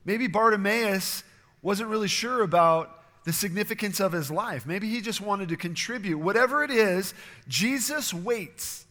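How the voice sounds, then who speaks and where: A man preaching a sermon as pastor, earnest and steady, sometimes acting out quoted voices. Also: high-pitched, a little slow, long reverb tail.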